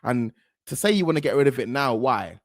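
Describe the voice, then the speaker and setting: A man's voice: mid-range voice, expressive, a little fast, dry recording, clean studio sound. A young man, giving slangy, rambling, outspoken reaction commentary as a football fan host.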